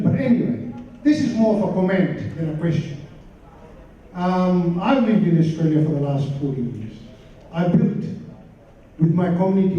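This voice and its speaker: A man's voice: a little high, warm tone. A man in his sixties from Fiji, speaking from the floor of a large conference hall in an impassioned, rousing tone. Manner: emphatic, rousing. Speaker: audience member giving a comment. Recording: echoey hall, far from mic, dull.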